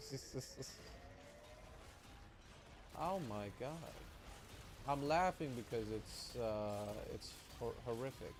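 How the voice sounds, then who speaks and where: A man's voice: mid-range voice, animated, extremely slow, pauses often, background noise. A man streaming casually, rambling and swearing as he talks with chat and trails off mid-thought.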